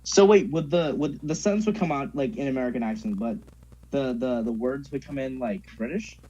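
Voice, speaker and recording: A man's voice: mid-range voice, a little fast, mellow, muffled recording, a little hiss or hum. A young man talking casually as a podcast guest, firing off curious questions packed with "like" and other fillers. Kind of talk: casual chat.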